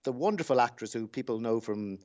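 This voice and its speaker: A man's voice: mid-range voice, expressive, fairly quick, darkish tone. Irish man on a dull lo-fi line. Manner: reflective, anecdotal, with frequent restarts. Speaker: dialect coach. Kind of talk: radio interview guest.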